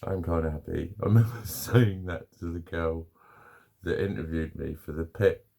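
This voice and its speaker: Man, middle-aged, gravelly, casual vlog chat, swears a lot. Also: low-pitched, moderate pace, warm tone. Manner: swearing, laughing storyteller. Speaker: vlogger. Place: at home with his dog.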